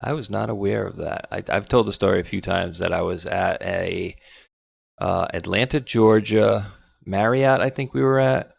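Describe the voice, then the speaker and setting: A man's voice: lowish voice, normal speed, creaky. A man co-hosting a live talk show, telling long rambling anecdotes in a casual way. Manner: rambling anecdotes with self-interruptions. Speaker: co-host. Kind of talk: casual storytelling chat.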